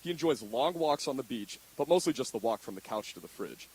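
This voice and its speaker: Deadpan young man reading introductions. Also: medium pitch, brisk, breathy edge, poor audio. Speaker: assembly announcer. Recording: faint hiss.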